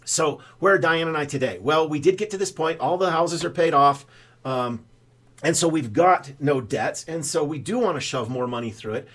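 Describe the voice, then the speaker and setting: An older man, a financial adviser, explaining in a folksy, rambling way with many ums and uhs. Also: medium pitch. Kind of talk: casual explainer talk.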